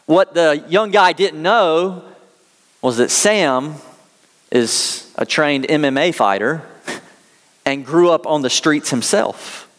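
An American pastor preaches a sermon in a fairly high, animated voice, speaking slowly with a slightly bright tone in a big-sounding room. He tells a story earnestly and reads scripture aloud.

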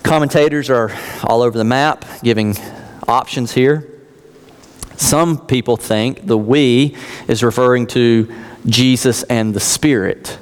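A man's voice: medium pitch, a little slow, clear, resonant tone. A man in his thirties, a pastor preaching an earnest sermon and reading scripture aloud. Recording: long reverb of a large hall.

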